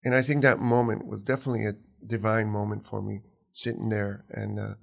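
Male interview guest, gravelly, calm and soft-spoken storyteller. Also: fairly low pitch, fairly quick. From immigrant to New York. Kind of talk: conversational storytelling.

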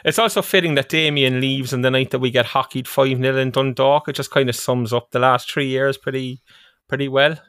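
An Irish man with a bright, sharp voice, recorded dry and close. He talks wryly and hesitantly, with many fillers. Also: medium pitch, fairly even intonation, brisk, few pauses, no echo. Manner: hesitant, wry, filler-heavy. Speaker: podcast co-host. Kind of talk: casual chat.

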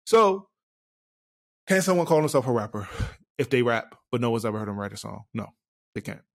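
A man co-hosting a podcast who tells his story in an animated, slangy way and repeats lines for emphasis. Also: mid-range voice, fairly quick, vocal fry, no room sound, clean studio sound. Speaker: podcast co-host. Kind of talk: casual storytelling chat.

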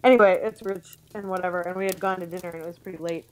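A woman's voice: fairly low pitch, fairly even intonation, very fast, a little hiss or hum. A woman co-hosting a podcast, telling rambling stories in casual chat, mocking herself and laughing often. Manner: rambling storyteller, self-deprecating, laughs often. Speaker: podcast co-host.

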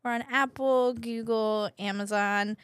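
A woman's voice: fairly high pitch, steady tone, unhurried, clear, resonant tone, dry recording, studio quality. A woman co-hosting a movie podcast, chatting playfully and laughing often. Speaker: podcast co-host. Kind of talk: casual chat.

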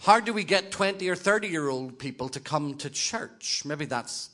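A man's voice: fairly high pitch, animated, moderate pace, pushed and bright. A man reading out audience comments at a church gathering, with wry joking asides.

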